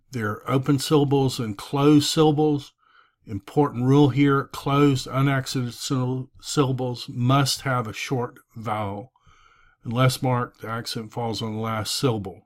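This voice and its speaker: A man teaching a recorded review lesson, drilling forms aloud in a slow, deliberate way with frequent fillers. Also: medium pitch.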